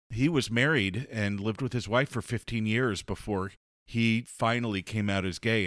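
A man's voice: fairly low pitch, a bit bright, no room sound, studio quality. A man co-hosting a podcast, talking casually and bluntly about a novel, swearing now and then. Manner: chatty, blunt, swears freely. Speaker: podcast co-host. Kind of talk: casual book discussion.

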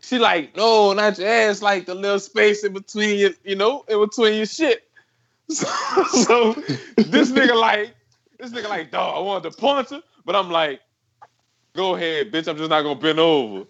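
A man's voice: sits high, moderate pace, a bit bright, highs cut off. A man telling a crude story in casual chat, swearing, full of slang and laughing as he goes.

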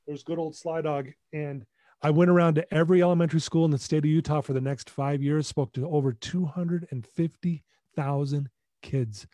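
A man telling a personal story as a podcast guest, in an emphatic, animated way. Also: a little high, normal speed, no echo.

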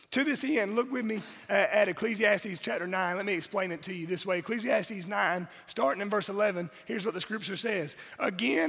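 A man from South Georgia with a Southern accent, preaching a sermon while hoarse from a cold, mixing wry jokes to the congregation into his points. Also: high voice, fairly quick, hardly any pauses, a bit bright. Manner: wry, joking asides to the congregation. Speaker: pastor. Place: church sanctuary. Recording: church hall reverb.

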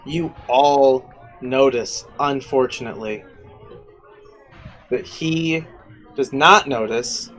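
A man's voice: medium pitch, a bit bright, rough recording. A man narrating a tabletop game as game master, casual and rambling.

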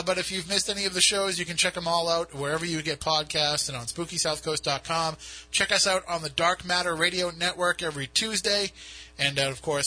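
A man's voice: on the high side, sharp tone, poor audio. A man hosting a casual radio talk show, rambling and poking fun at himself. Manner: rambling, self-mocking. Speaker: podcast host.

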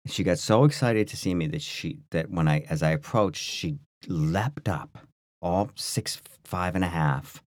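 A man co-hosting a podcast, telling a story in a rambling, animated way full of restarts and fillers. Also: sits low, a little slow, no echo, studio quality. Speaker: podcast co-host. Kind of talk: casual storytelling chat.

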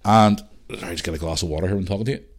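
Sweary Northern Irish man, low voice. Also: very fast. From Northern Ireland. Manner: swears a lot, rambling storytelling. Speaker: podcast host. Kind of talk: casual chat.

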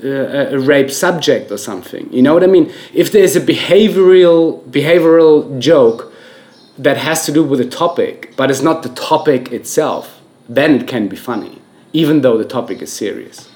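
A man co-hosting a casual podcast, earnestly explaining his view with halting restarts. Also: mid-range voice, lively intonation, darkish tone. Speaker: podcast co-host. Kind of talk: casual chat.

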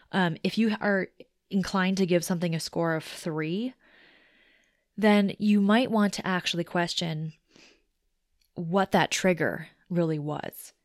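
A woman's voice: fairly low pitch, no echo, clean studio sound. A woman hosting a solo self-help podcast. She talks in a conversational, reflective way and explains things step by step. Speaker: podcast host.

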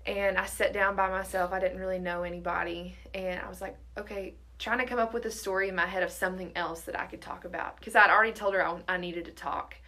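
A woman's voice: mid-range voice, steady tone, quick pace, hardly any pauses, pushed and bright. A college-aged woman earnestly telling a personal faith story in casual chat, often quoting her own thoughts. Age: around 20. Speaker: guest sharing testimony.

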